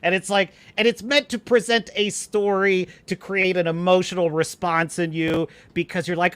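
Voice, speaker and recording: A man's voice: sits high, little pitch movement, normal speed, hardly any pauses, a bit bright, smooth, no room sound. A man hosting a live-stream commentary show, mocking what he quotes, laughing often and acting out lines of dialogue. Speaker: host.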